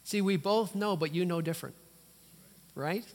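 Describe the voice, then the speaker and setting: A male pastor preaching a sermon in a church, emphatic, with dramatic pauses and sudden loud bursts. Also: sits high, in a large hall.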